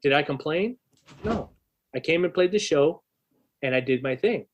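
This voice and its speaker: A man guest on a podcast, a bass player, telling a story in a loose, profane, animated way with lots of fillers. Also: moderate pace, dull audio, a little hiss or hum. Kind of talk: casual storytelling chat.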